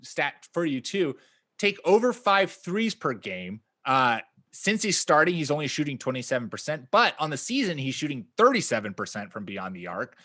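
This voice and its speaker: A man with a fairly high, bright voice talks through sports stats on a podcast. His pitch swings widely as he gets animated. He laughs often and swears in casual chat. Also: moderate pace. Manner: animated, laughing, profane, jumps up in pitch when stressing stats. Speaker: podcast co-host.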